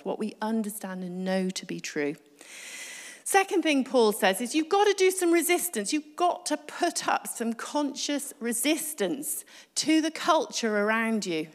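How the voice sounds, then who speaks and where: A woman's voice: on the high side, big-room sound. A woman preacher giving a conversational sermon, asking her congregation rhetorical questions.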